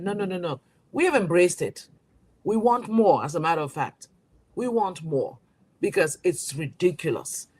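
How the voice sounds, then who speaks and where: A Cameroonian woman who publishes a magazine speaks as an interview guest, her voice on the low side. Her talk is impassioned, packed with emphatic rhetorical questions and frequent restarts.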